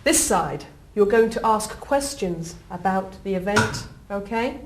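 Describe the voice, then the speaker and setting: A woman teaching an English class, giving clear instructions and frequent praise. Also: mid-range voice, expressive, unhurried, roomy sound, noisy background.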